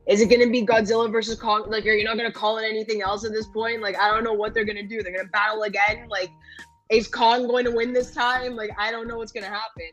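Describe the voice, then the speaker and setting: A woman co-hosting a casual chat, emphatic and quick, with laughing asides. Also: a little high, flat delivery, a bit bright, lo-fi sound, faint music behind. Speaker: co-host.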